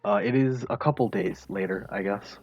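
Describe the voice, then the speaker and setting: A man with a very deep, husky voice narrates a tabletop game as game master, hesitant and full of fillers. The sound is dull and lo-fi. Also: normal speed.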